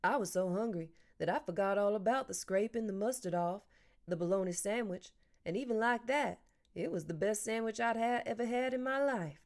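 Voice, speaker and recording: A woman narrating a children's novel in an even, clear storytelling voice. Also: mid-range voice, normal speed. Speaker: audiobook narrator. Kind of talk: audiobook reading.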